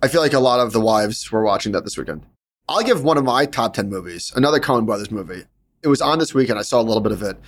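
Fast-talking middle-aged male podcast host. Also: fairly low pitch, expressive. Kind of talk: casual chat.

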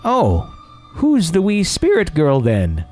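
A man's voice: on the high side, wildly swooping pitch, takes it slowly, darkish tone, soft background music, pitched above the performer's own voice, exaggerated voice. Man putting on a hammy Scottish brogue. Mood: exclaiming. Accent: mock Scottish brogue, sliding toward Irish. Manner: clumsy, self-mocking accent attempt. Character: elderly Scottish woman sensing a child ghost.

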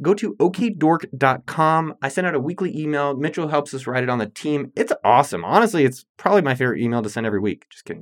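Fast-talking upbeat man hosting a podcast. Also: fairly high pitch, no echo, clean studio sound. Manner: upbeat, playful, salesy. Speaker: podcast host. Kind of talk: energetic solo podcast talk.

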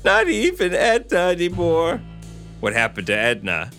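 A man's voice: wildly swooping pitch, a little slow, fairly bright tone, soft background music, heavily acted. A man reading aloud who voices a drunk, grieving woman with a whiny, slurred manner. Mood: sobbing. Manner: slurred, whiny, pitched up high. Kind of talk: comic dramatic reading.

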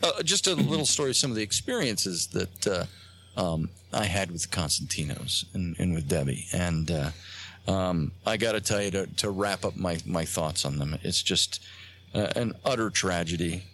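A man, a guest on a talk show, tells a long story in a halting way, with many fillers and restarts. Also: low voice, lively intonation, fairly bright tone. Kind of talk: casual storytelling on a radio show. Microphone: phone line.

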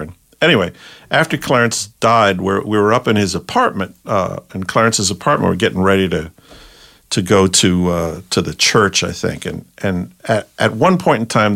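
A man's voice: low-pitched, vocal fry, fairly bright tone. An older man spins showbiz anecdotes in a loose, rambling way. He doubles back on his words and laughs along with his own punchlines. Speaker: guest storyteller, comedy writer. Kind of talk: casual anecdote telling.

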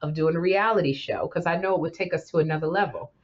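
A woman co-hosting a podcast, telling a story in an emphatic, lively way and acting out what others said. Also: fairly low pitch, fast, muffled recording. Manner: lively, emphatic, acts out quotes. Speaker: podcast co-host. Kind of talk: casual chat, animated storytelling.

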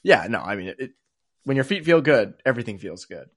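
A man's voice: mid-range voice, sing-song, a little fast, breathy edge. A young man co-hosting a casual sports podcast, rambling and self-mocking, laughing often between thoughts. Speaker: podcast co-host.

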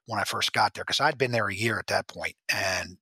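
A man as the podcast guest, telling rambling stories with halting restarts. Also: lowish voice, bright, forceful tone, husky, no echo. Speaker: guest, former drug agent. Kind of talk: storytelling interview.

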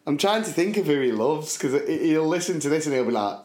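A man co-hosting a casual podcast, telling stories with lots of laughter and slipping into quick voices. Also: on the high side, roomy sound. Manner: animated, laughing storyteller who slips into voices. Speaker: co-host.

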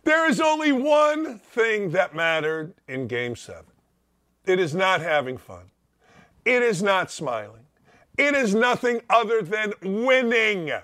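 A man's voice: high-pitched, big pitch swings, slow, pushed and bright. A man hosting a sports talk show, ranting bluntly and brashly in an opinionated monologue.

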